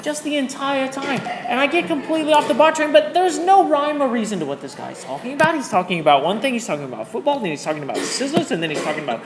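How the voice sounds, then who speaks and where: A teacher telling a classroom story in a deliberately bad put-on British accent that drifts toward Australian, with an exaggerated, sing-song, self-mocking delivery. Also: high-pitched, big pitch swings, crowd noise, voice pushed up. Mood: playful. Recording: echoey classroom, faint background noise.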